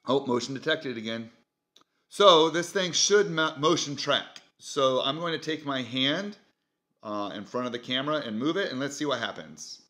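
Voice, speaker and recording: A man's voice: medium pitch, expressive, normal speed, sharp tone. A man hosting a casual product demo, easygoing and thinking aloud as he goes. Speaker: product reviewer.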